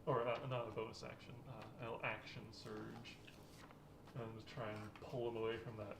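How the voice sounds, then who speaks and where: A man's voice: mid-range voice, little pitch movement, normal speed, creaky. A man casually playing a tabletop game and describing his moves. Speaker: player. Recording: echoey room with background noise.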